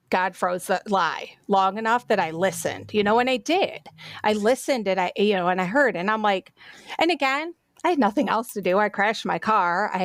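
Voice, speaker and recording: Podcast guest, woman, Cleveland accent, blunt and salty, steady middle pitch, dry close mic. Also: no room sound. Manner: blunt, swears freely, laughs often. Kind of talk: casual storytelling.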